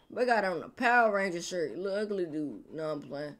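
A woman hosting a reaction video, teasing and roasting the people on screen in slangy casual banter, drawing words out and repeating them for emphasis. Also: mid-range voice. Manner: drawn-out, repetitive emphasis.

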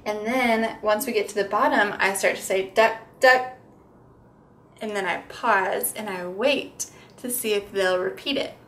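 A woman's voice: mid-range voice, normal speed, hardly any pauses, a bit bright. A young woman speech therapist explaining how to read picture books with toddlers, slipping into sing-song, exaggerated sounds for children. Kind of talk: instructional demonstration.

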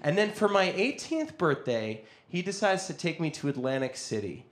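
A man in his thirties telling a stand-up story in an animated, excitable way, with quick bursts. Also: fairly high pitch. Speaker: stand-up comedian. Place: comedy stage.

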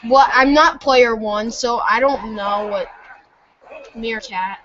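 A man's voice: extremely high pitch, slow, pushed and bright. A young man streaming a game with a friend, silly and playful, making repeated meowing noises. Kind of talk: casual gameplay chat. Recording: dull lo-fi stream audio.

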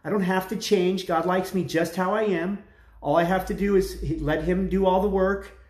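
A smug, self-satisfied churchgoer, as a preacher puts him on, pitched high and slangy in his brush-offs. The voice bounces around a roomy, echoey space. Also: fairly even intonation, moderate pace, a little mellow, lightly acted. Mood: dismissive. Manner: dismissive, slangy, self-assured. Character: smug complacent male churchgoer.

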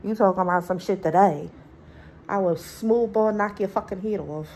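At home indoors, a young woman from Philadelphia vents in an angry, profane storytime vlog about an encounter at her door, acting out what was said. Her mid-range voice is a little mellow at a normal speed, captured on a low-quality recording with slight background noise.

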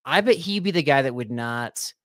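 A man co-hosting a podcast in casual chat, playful and teasing, quick to laugh. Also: medium pitch, lively intonation, dry recording, clean studio sound. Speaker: podcast co-host.

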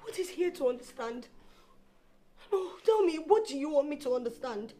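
A woman's voice: sits high, expressive, moderate pace, mellow, faint music behind. An actress with a Nigerian accent playing a young woman about to be jilted before her wedding, pleading and breaking into sobs in a film drama. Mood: indignant.

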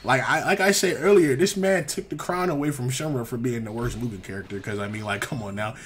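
A young man giving casual gameplay commentary, animated and exasperated, full of slang and repeated phrases. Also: medium pitch, fairly quick, slight background noise. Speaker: gaming commentator.

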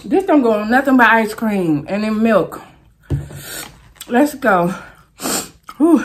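A woman vlogger chatting to camera as she eats through a food challenge. Her voice sits on the high side and swoops up and down with big energy. She speaks at an unhurried pace, breaking into exclamations and chants. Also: a little hiss or hum. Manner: animated, exclaiming and chanting to the wheel. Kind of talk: casual talk to camera while eating.

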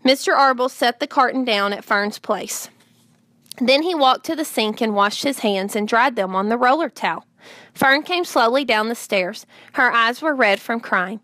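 A woman's voice: on the high side, no room sound, clean studio sound. Woman reading a children's book aloud. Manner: measured, gently expressive. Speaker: audiobook narrator.

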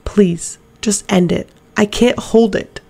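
A woman reading an audiobook, voicing a broken, possessed man who pleads in a soft, empty voice and gasps his words. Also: mid-range voice, fairly even intonation, takes it slowly, breathy edge. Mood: desperate. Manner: pleading, gasping.

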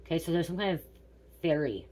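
A woman's voice: low-pitched, lively intonation, a little fast, darkish tone. A middle-aged woman doing a casual spiritual card reading, musing aloud and repeating words as they come to her. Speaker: tarot reader.

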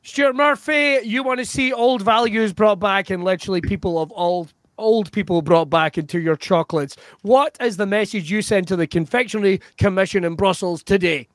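A man's voice: sits high, normal speed, few pauses, fairly bright tone, no room sound. A man improvising as a panel-show host, introducing guests with mock amazement. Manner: mock-incredulous, announcer-like.

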